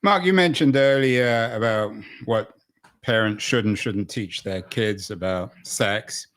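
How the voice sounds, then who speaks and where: A man hosting an interview, asking probing questions and thinking out loud as he asks them. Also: on the low side, takes it slowly. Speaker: podcast host.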